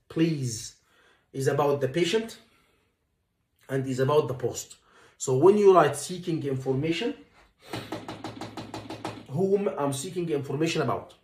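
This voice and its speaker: A man's voice: fairly high pitch, a little mellow, roomy sound, recorded from a distance. A man teaching medical exam stations in a lecture, repeating key points emphatically and acting out sample dialogue. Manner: repetitive, emphatic, acts out dialogue lines.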